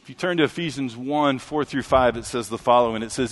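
A man preaching a sermon, telling a story and swinging from loud, emphatic lines to hushed ones. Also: mid-range voice, fairly quick, hardly any pauses. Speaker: pastor. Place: church sanctuary. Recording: long hall reverb.

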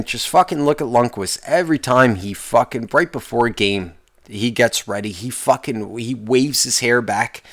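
A man's voice: medium pitch, no room sound, studio quality. A man hosting a solo podcast, rambling and complaining in a profane, exasperated way, often restarting his sentences. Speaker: podcast host.

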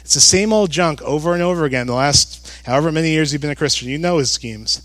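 A man preaching a sermon as a pastor, talking conversationally with jokes and animated emphasis. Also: fairly high pitch, quick pace, no room sound.

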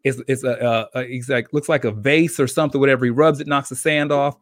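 A man's voice: mid-range voice, steady tone, fast talker, no echo, clean studio sound. A man co-hosting a podcast, telling a long joke story in casual chat and acting out the characters as he goes. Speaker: podcast co-host.

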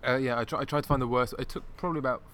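English man, twenties, quick, bright voice, joking podcast banter. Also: mid-range voice, steady tone, slight background noise. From England. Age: 20s. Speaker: podcast co-host. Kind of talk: casual chat.

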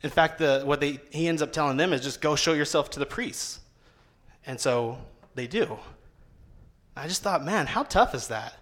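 A man's voice: on the high side, normal speed. A young man, a seminary student, preaching a casual sermon in a conversational way and acting out quotes. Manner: conversational, lively, acts out quotes with rising voice.

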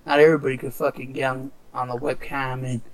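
A man in casual chat, telling stories loosely with profanity and quick impressions of others. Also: mid-range voice, flat delivery.

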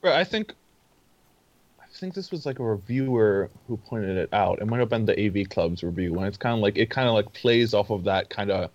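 Young dude w a lowish voice, jokey movie chat, dry close sound. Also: male voice, animated, brisk, no echo, dull audio. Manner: joking, playful asides. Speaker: podcast co-host.

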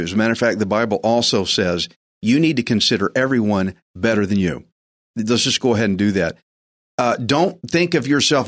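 A man hosting a faith program, preaching in an earnest, urging way and repeating his phrases. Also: fairly low pitch. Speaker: host, preacher. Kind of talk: sermon-style radio devotional.

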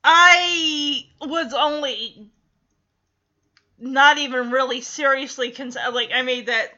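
A woman giving an animated reaction commentary, laughing and retelling scenes as she watches. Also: sits high, takes it slowly, highs cut off. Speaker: reaction video host.

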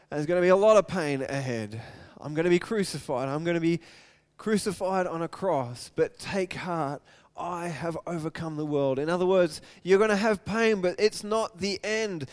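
A man preaching a sermon, retelling scripture and acting out the quoted lines, swinging from loud and excited to hushed and soft. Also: high-pitched, clean tone.

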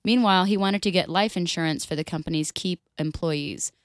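Woman, podcast co-host, blunt, sweary, lower voice, dry. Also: brisk, no echo. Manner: blunt, sweary, laughs often. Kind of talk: casual chat, reading a story aloud.

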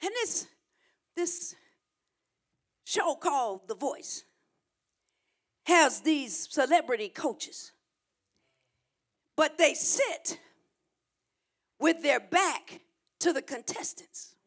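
A woman's voice: high voice, expressive, very slow, long pauses, a bit bright. A woman preaching a sermon, emphatic and repetitive, calling the congregation to answer back.

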